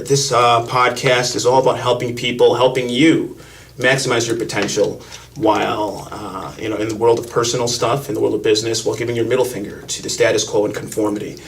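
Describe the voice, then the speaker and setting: A man's voice: medium pitch, creaky, recorded from a distance. A man hosting a podcast, telling stories in a brash, self-assured way. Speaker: podcast host. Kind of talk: casual podcast chat.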